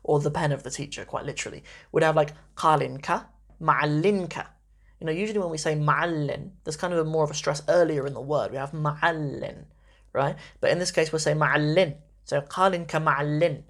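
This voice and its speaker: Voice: mid-range voice, fast talker, few pauses, breathy edge. A teacher giving a casual spoken grammar lesson, chatty and full of "right?" check-ins and small restarts. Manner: chatty, many fillers and "right?" tags. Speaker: language teacher.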